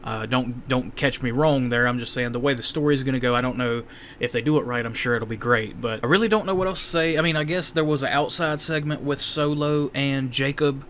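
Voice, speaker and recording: A man's voice: medium pitch, fairly quick, fairly bright tone, slight background noise. Man rambling through a candid wrestling review. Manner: rambling, candid, self-correcting. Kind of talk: casual review monologue.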